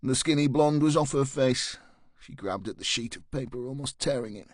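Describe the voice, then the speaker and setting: A man narrating a crime thriller audiobook in a measured, even reading. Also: mid-range voice, no echo, clean studio sound. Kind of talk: scripted narration.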